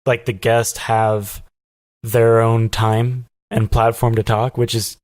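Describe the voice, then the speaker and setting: A man guest in a casual interview, talking softly with many fillers and pauses. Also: mid-range voice, flat delivery, no room sound. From lives in Los Angeles. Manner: soft-spoken, lots of fillers and hesitations. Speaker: podcast guest.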